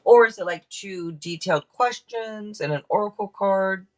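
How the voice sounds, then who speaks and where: A woman's voice: mid-range voice, normal speed. A woman hosting a tarot live stream, talking casually with viewers, thanking donors and restarting her sentences as she goes. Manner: chatty, thanks donors and checks in with chat, trails off and restarts. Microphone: camera mic.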